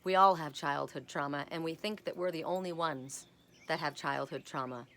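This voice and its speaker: A woman's voice: low-pitched, normal speed, a bit bright, slight background noise. A woman giving a casual spiritual oracle card reading, chatty and rambling with personal asides, often tagging her points with "right?".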